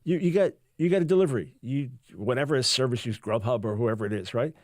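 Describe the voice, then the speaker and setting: A man's voice: medium pitch, quick pace, darkish tone, no room sound. A man hosting a talk radio show, delivering a sarcastic, mocking monologue in a studio. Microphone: studio microphone.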